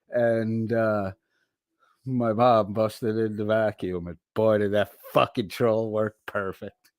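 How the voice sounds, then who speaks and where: A middle-aged man talks slowly and lazily, in a fairly low voice, as he hosts a casual livestream. He reads chat aloud and answers it with loose, profane banter. The sound is dry and close, with no room echo. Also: steady tone, darkish tone. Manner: slow, drawling, profane banter. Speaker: livestream host reading chat.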